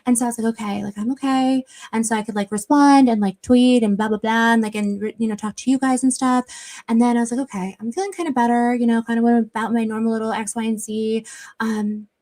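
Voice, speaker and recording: A woman with a fairly high voice hosts a livestream from her office. She rambles in a loose, chatty way and leans on fillers like "like" and "blah, blah" as she talks her viewers through things. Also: flat delivery, quick pace, a little mellow. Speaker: livestream host. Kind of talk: casual livestream commentary. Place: her office without air conditioning.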